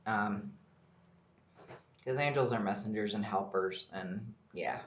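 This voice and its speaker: A man hosting a casual solo podcast, rambling and excitable, swearing freely as he talks. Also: lowish voice, moderate pace, dull audio. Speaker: podcast host. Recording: echoey room.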